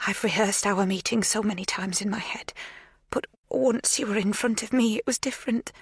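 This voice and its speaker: A woman voicing a desperate, tearful middle-aged mother who pleads in breathy half-whispers in an audiobook. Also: medium pitch, normal speed, no room sound, studio quality, pitched above the performer's own voice. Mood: pleading. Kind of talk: audiobook dialogue.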